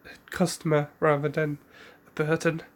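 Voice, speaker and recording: A man's voice: fairly high pitch, completely flat delivery, normal speed, close to an everyday voice. A man voicing a young male ninja, earnest and lonely, in his own plain speaking voice as he retells a fan story.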